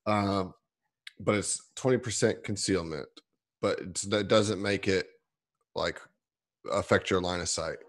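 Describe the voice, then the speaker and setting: Low-voiced man explaining game rules. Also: a little slow, pauses often. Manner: explains rules in detail, reacts with amused remarks. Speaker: player. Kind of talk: playing a tabletop game over a call.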